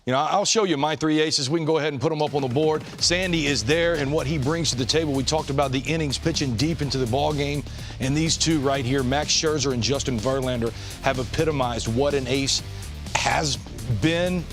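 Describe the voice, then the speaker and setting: A man, a former pitcher and analyst, telling stories earnestly in a conversational studio sports discussion. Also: a little fast, music in the background.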